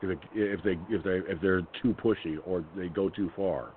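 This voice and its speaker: A man's voice: low-pitched, normal speed. Angry, cursing man on a phone line. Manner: angry, profane and blunt. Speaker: radio show host. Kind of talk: ranting personal storytelling. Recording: phone-like line with faint noise.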